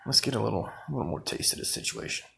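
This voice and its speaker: A man's voice: on the low side, fast talker, creaky, slightly rough. A man hosting a stream, reacting to a clip with loose, profane commentary. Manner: loose, profane, animated, laughing asides.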